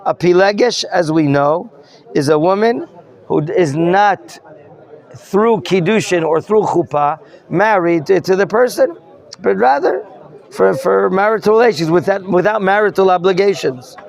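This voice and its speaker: A man with a high voice leads a Bible class in a study hall. He explains each term and keeps turning to his students with questions. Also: expressive, moderate pace, creaky. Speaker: rabbi teaching a class.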